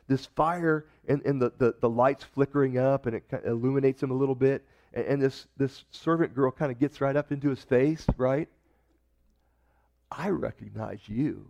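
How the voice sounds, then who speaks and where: Preaching man with lively acted quotes. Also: fairly high pitch. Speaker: pastor. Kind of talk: sermon.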